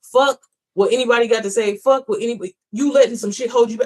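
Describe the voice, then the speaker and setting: A woman's voice: on the high side, brisk, a little mellow. A woman coaching other women on business in a casual vlog, blunt and heavily profane, rambling with restarts and talking straight to her viewers. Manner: rambling with frequent restarts and "you know what I'm saying". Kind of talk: casual motivational vlog monologue.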